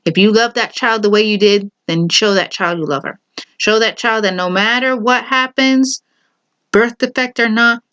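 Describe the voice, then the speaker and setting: A woman's voice: medium pitch, fairly bright tone. A woman vlogging her opinions in a casual, emphatic way, repeating her points and speaking straight to the viewer.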